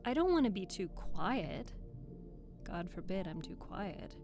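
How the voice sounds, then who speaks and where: A woman's voice: mid-range voice, sing-song, measured pace, music in the background. A young woman chatting and joking casually with her live-stream viewers at the microphone. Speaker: streamer and audiobook reader.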